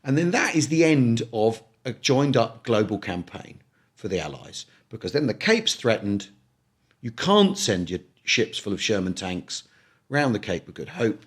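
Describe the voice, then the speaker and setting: A middle-aged man co-hosting a casual history podcast, talking in animated bursts with many restarts and repeated words. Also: mid-range voice, normal speed. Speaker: podcast co-host.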